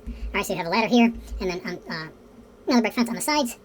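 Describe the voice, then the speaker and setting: A woman's voice: mid-range voice, expressive, very fast, a little hiss or hum. A woman narrating a casual building tutorial, counting blocks aloud to viewers and swearing under her breath when pieces don't line up. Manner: addresses viewers directly. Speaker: game building tutorial host.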